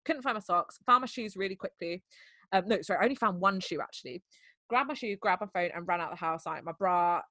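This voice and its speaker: A woman's voice: on the low side, sharp tone, dry recording, clean studio sound. A young woman, telling a story casually with lots of laughs and quoted dialogue. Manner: giggly, fast, filler-heavy retelling with quoted dialogue. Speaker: podcast host telling a story.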